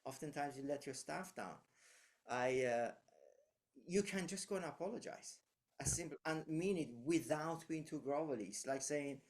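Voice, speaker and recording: A man's voice: a little high, normal speed. Rambling reflective man telling stories. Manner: reflective, anecdotal, frequent fillers and restarts. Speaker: guest giving leadership advice. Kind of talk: casual conversational advice.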